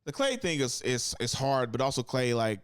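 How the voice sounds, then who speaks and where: A young man co-hosting a casual sports podcast. He rambles and swears, and he acts out quotes in sudden higher bursts. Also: very animated, moderate pace, clean tone, dry recording, clean studio sound. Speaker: podcast co-host.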